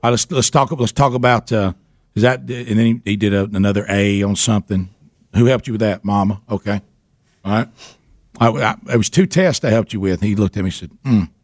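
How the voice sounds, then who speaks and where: A man hosting a radio show, telling a story in a casual, animated way with laughter and repeated words. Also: on the low side, a little fast, no echo, clean studio sound.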